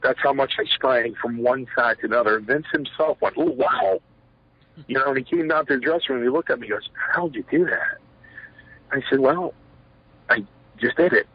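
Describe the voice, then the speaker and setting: A man's voice: mid-range voice, a little fast, breathy edge, dry recording. A middle-aged man, a former pro wrestler, telling stories in a rambling interview, full of fillers and acted-out quotes. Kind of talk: shoot interview storytelling. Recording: dull lo-fi sound, dry.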